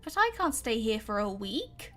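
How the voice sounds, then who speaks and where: A woman with a British accent voicing a plump, gentle male bear who frets when stuck. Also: fairly high pitch, very animated, normal speed, faint music behind. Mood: anxious. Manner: plaintive, fretful.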